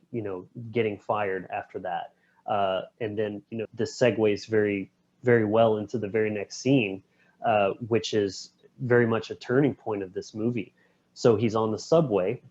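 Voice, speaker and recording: A man co-hosting a podcast, retelling film scenes in a relaxed, slangy way. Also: on the low side, dull audio. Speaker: podcast co-host. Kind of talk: casual film discussion.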